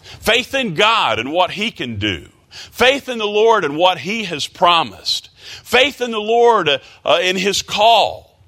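Preacher man with a bright, forceful voice. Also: very animated, takes it slowly. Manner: rises to loud, high-pitched emphasis when preaching; reads scripture in old-fashioned wording. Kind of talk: prayer and sermon.

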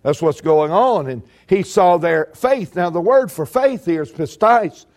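Male preacher, folksy and humorous, slightly high voice. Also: animated, a little slow, a little mellow. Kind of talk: sermon.

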